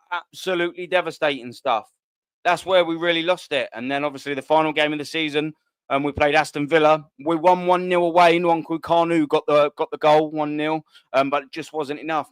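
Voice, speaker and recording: A man's voice: fairly high pitch, clean tone, dry recording. Blunt, sweary man on a live stream. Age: 30s. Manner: blunt, sweary, animated banter. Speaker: host. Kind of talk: casual live-stream chat reading viewer comments.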